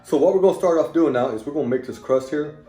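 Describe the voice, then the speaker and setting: A man's voice: a little high, fast talker, mellow, echoey room, faint music behind. A man with a Southern accent hosting a home cooking video, talking plainly and folksy with rambling asides as he walks through a recipe in his kitchen. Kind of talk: casual cooking demonstration.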